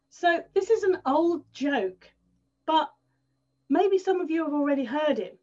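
Woman giving a talk, pretty high voice, lively storyteller, kinda dull lo-fi audio. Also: measured pace. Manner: animated storyteller, leaning on repeated words. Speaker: speaker at an event. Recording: dull slightly lo-fi sound.

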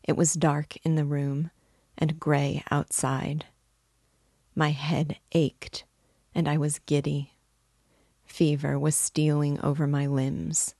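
A woman reads a classic novel aloud, measured and unhurried. Her low, flat voice carries a gravelly texture. The sound is dry and close. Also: no echo. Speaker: book reader. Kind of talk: audiobook reading of a classic novel.

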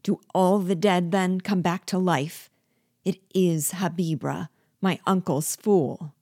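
A woman's voice: sits low, steady tone, a little slow, a little mellow, no room sound, studio quality. A woman voicing a horrified young nobleman. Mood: outraged. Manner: raised, outraged exclamations.

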